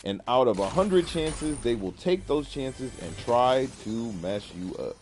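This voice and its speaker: A man talking casually while playing a video game, telling a fable and musing on life in relaxed slang. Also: mid-range voice, measured pace, slight background noise. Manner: laid-back, slangy, reflective. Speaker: gaming streamer. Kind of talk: casual gameplay commentary with storytelling.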